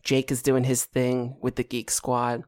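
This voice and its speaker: A man hosting a casual podcast and running a tabletop game, playful and chatty and quick to laugh. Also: mid-range voice, completely flat delivery, darkish tone. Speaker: podcast host and game master. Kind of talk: casual chat.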